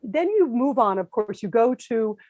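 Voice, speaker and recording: A woman hosting a live interview, enthusiastic and a little halting, with many fillers. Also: fairly high pitch, lively intonation, a little mellow, no room sound, muffled recording. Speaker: interview host.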